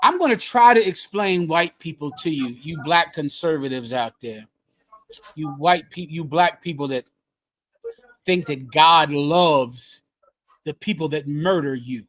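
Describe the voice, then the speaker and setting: A man leading a group and preaching in a fiery, emphatic way, repeating his phrases and swinging from loud bursts to hushed lines. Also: a little high, expressive, normal speed. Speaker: group leader teaching scripture. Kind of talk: fiery street-style preaching.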